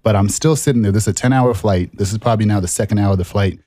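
A man with a fairly low voice co-hosts a podcast and spins a long personal story in casual chat. He tells it with lively self-mockery and often laughs at his own clumsiness. The sound is close and dry, with almost no room around it. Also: rapid-fire, dry recording. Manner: animated, self-mocking storyteller who laughs at himself. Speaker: podcast co-host.

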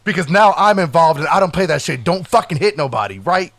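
A young man co-hosting a podcast, telling a story in an animated, profane way and loudly acting out what people said. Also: fairly high pitch, a little fast, no room sound. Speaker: podcast co-host. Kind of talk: casual storytelling chat.

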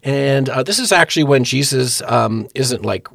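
A man's voice: mid-range voice, lively intonation, normal speed, creaky, a bit bright, dry recording. A man hosting a casual devotional podcast, joking with his guest and reading scripture aloud. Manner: jokey, reads scripture aloud. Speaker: podcast host.

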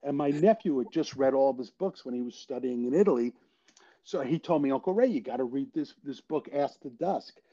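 An older actor telling a story in a casual interview, animated and quoting the people in it. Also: male voice, medium pitch, fairly quick. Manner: animated storyteller, quotes people in his tales. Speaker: guest actor. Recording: dull lo-fi audio.

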